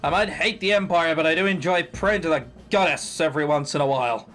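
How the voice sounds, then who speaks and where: A man voicing a big, blunt male hunter who grumbles in a gruff way. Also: a little high, brisk, a bit bright, soft background music, close to an everyday voice. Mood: grumbling.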